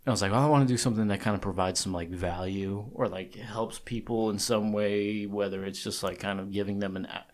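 A man's voice: lowish voice, fairly even intonation, brisk, few pauses. A man co-hosting a podcast in casual chat, joking and enthusiastic as he talks. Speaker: podcast co-host. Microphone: studio podcast mic across a table.

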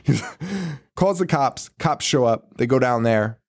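A man's voice: mid-range voice, expressive, unhurried, no echo. Man, podcast co-host, casual movie recap, swears a lot, laughs often, acts out lines, dry close sound.

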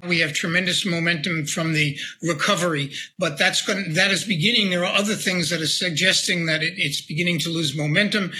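Male economist in interview, analytical and high-pitched, faint hiss under him. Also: sharp tone. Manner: analytical, thinking aloud. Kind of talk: interview answer.

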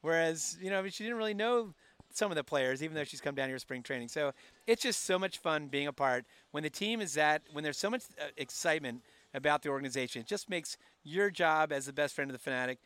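A man in his forties telling animated stories in a casual chat from a broadcast booth, with frequent restarts. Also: a little high, fast talker, clean tone. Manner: animated storyteller with many restarts. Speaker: team staff member, podcast co-host.

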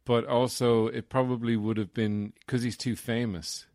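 A man's voice: medium pitch, little pitch movement, a little mellow. A man co-hosting a casual film podcast, with dry, wry humor. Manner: dry, wry, drops quick jokes. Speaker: podcast co-host.

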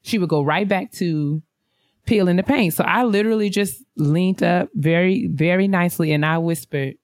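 A woman co-hosting a podcast, telling stories in a casual, animated way, acting out voices and laughing often. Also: lowish voice, normal speed, no echo. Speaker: podcast co-host. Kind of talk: casual storytelling chat.

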